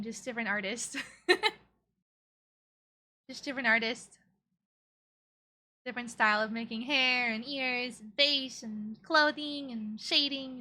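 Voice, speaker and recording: A woman's voice: fairly high pitch, bright, forceful tone. A young woman streamer chatting casually as she reacts to old clips, giggling often and using playful baby talk.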